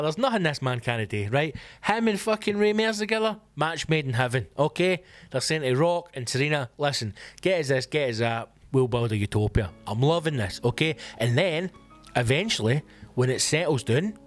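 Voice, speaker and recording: Scottish man, comedy podcast host, sweary, animated ranting, mid-pitched voice, faint background music. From Scotland. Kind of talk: solo comedy podcast rant.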